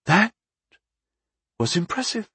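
A man voicing a thoughtful female goddess of fire who speaks in a soft, questioning way. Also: medium pitch, sing-song, slow, husky, no echo, voice pushed up, exaggerated voice. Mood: musing.

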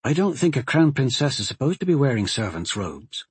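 A man's voice: mid-range voice, sing-song, fairly quick, breathy edge, no echo. A man voicing a humble, shy young servant boy who whispers. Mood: whispering. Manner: quiet whispering.

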